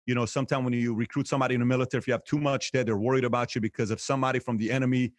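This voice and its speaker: A man's voice: medium pitch, little pitch movement, very fast, no echo. A man hosting a casual debate, talking hesitantly, with frequent restarts. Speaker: host.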